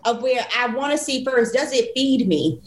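A woman's voice: high voice, animated, normal speed, slight background noise. A woman, a physician and podcast co-host, telling a story in casual chat and acting out the dialogue in quoted voices. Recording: echoey room.

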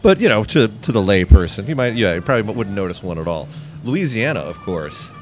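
Fast-talking deep-voiced host from Indiana. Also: male voice, sing-song. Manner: joking, profane. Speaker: podcast host. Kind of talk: casual chat. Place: bar.

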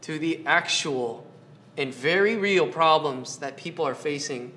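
Bright-voiced man preaching a sermon. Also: fairly high pitch, expressive, unhurried, slight background noise. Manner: earnest, rhetorical questions, repeats phrases. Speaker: pastor.

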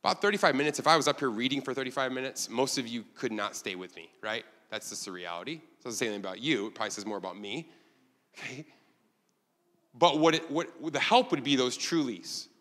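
A man preaching a sermon in a loose, conversational way, animated and chuckling as he explains the passage. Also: mid-range voice, quick pace, in a large hall. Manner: conversational, animated, laughs at own lines. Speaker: pastor.

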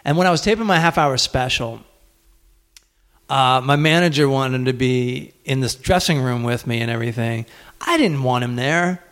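A man hosting a podcast, telling a stand-up story in profane, animated bursts that climb toward shouting. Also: medium pitch, moderate pace. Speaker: podcast host and stand-up comedian. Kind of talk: casual podcast chat.

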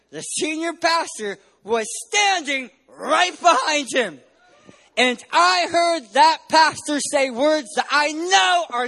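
High-voiced, animated young preacher man. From San Diego, California. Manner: playful, animated storytelling, bursts of loud emphasis. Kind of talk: sermon with personal stories.

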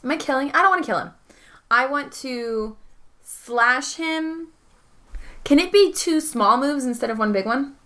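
A woman's voice: high-pitched, expressive, measured pace, pushed and bright. A woman playing a tabletop game, eagerly asking questions and describing her moves. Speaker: player. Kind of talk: casual tabletop play.

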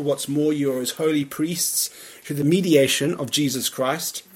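A pastor preaches a sermon in a church, earnest and emphatic, his voice on the high side. He often drops to a quiet tone at the ends of his phrases.

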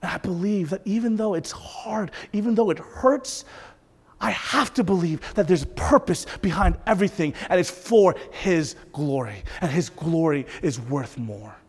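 A pastor delivers a sermon in a high, bright-toned voice that swings from intense, emphatic peaks down to soft, hushed asides. His voice carries a long reverb, as if it fills a large church sanctuary. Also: unhurried, slightly rough. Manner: impassioned, rising and falling between intense peaks and soft asides.

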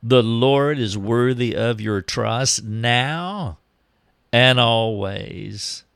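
A man preaching a sermon, slow and deliberate, reading scripture aloud. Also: mid-range voice, gravelly, a bit bright, smooth, no room sound, studio quality.

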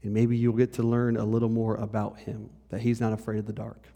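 A male pastor giving a conversational sermon. He moves between lively and hushed delivery and speaks straight to the congregation. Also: lowish voice, brisk, vocal fry. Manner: conversational preaching, shifts between animated and hushed. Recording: long hall reverb.

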